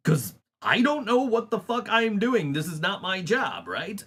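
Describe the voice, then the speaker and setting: Male podcast host with a higher voice, casual, profane, quick to laugh. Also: wildly swooping pitch, a bit bright, slightly rough. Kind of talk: casual chat.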